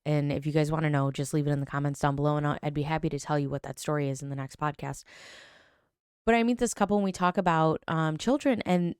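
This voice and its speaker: A woman in her thirties hosts her own podcast and tells a long personal story in a loose, chatty way. Her voice sits low, and the sound is dry and close. She often restarts her sentences and fills the gaps with fillers. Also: quick pace, smooth, no room sound. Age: 30s. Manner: chatty and animated, with many fillers and self-corrections. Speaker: podcast host. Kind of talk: casual storytelling.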